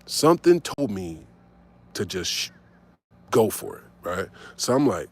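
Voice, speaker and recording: Animated storytelling man in his forties. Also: on the low side, moderate pace. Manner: animated, swearing, tags lines with "right?". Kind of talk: casual storytelling.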